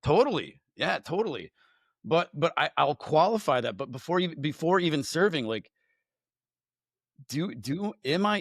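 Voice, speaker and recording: A man guest on a faith podcast, telling a personal story in a candid, animated way, often repeating words and restarting. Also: mid-range voice, no echo. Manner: animated storyteller who acts out his own thoughts.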